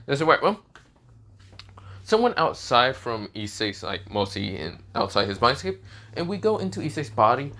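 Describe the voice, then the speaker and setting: A man's voice: medium pitch, very animated, moderate pace, sharp tone. A man retelling a fan story casually, rambling with many fillers.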